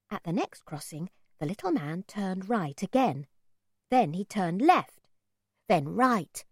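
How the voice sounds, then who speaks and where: A woman narrating a first-person children's story in an expressive, measured reading. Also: medium pitch, breathy edge, no room sound, clean studio sound. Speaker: audiobook narrator.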